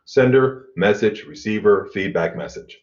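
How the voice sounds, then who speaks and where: A middle-aged man teaching an online college class, explaining in a relaxed way with fillers and throat clearing. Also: on the low side, unhurried. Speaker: college instructor. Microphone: computer mic on video call. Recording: dull lo-fi video call audio.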